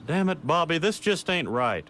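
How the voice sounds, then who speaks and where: A gruff drawling cartoon dad. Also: male voice, fairly high pitch, very animated, moderate pace, fairly bright tone. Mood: scolding.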